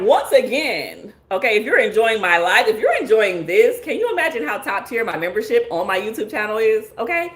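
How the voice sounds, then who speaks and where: A woman therapist hosts a live stream with features, reading out chat comments playfully and with lots of energy, laughing often and acting out the people she quotes. Her voice is a little high and fairly quick, with hardly any pauses, and the room sounds echoey.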